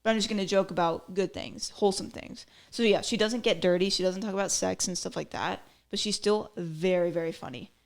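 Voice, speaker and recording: A woman's voice: fairly low pitch, fairly quick, few pauses. Chatty opinionated woman podcast host. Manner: chatty, opinionated, many fillers. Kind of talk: casual commentary.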